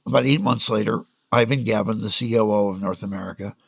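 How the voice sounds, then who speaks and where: An older man, a music business guest on a podcast, telling animated stories and acting out the people he quotes. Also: on the low side, fast, creaky, husky, no room sound. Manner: animated anecdotes, acts out quoted voices. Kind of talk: storytelling in a casual interview.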